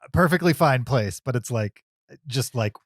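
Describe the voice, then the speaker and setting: A man in his forties co-hosts a casual movie podcast chat in a dry, teasing way. His voice sits at a middle pitch. The recording is close and dry, with no room sound. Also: animated, moderate pace, dry recording. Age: 40s. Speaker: podcast co-host.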